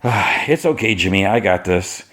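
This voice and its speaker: A man voicing a shy, awkward man who talks hesitantly with halting restarts. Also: low voice, expressive, a bit bright.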